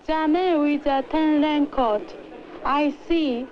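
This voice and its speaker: Brief: a Japanese traveler, high voice, slow halting English, hissy muffled old film track. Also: female voice. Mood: hesitant. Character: Japanese woman traveler at an airport. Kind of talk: scripted dialogue in an old educational film.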